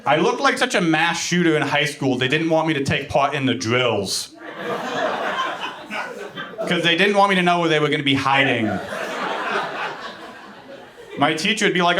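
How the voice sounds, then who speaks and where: A young man delivers stand-up with a dry, self-deprecating calm, his voice sitting a little high. The live club recording has a clear layer of noise behind him. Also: a little fast. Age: young adult. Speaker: stand-up comedian. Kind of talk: stand-up set. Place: comedy club stage before a laughing audience.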